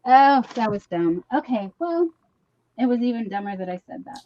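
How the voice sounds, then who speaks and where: A middle-aged woman hosts a casual live-stream chat from home on a computer mic, chatty, easily sidetracked, and often poking fun at herself. Her voice is a little high with big pitch swings and a dark tone, at a measured pace. The sound is lo-fi.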